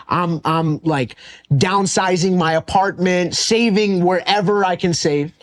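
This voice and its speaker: A young man with a slightly high voice talks through his own story on a podcast. He is blunt and animated, and drops curse words freely as he goes. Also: moderate pace. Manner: animated and blunt, swears often. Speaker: podcast guest, real estate wholesaler. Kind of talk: casual interview storytelling.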